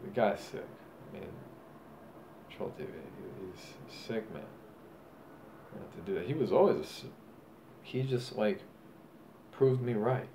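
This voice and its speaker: A self-styled boxing champion vlogger, a young man with a lowish, animated voice, speaks at a measured pace and pauses often. His casual monologue is drunken, profane, boastful and rambling, with faint background noise.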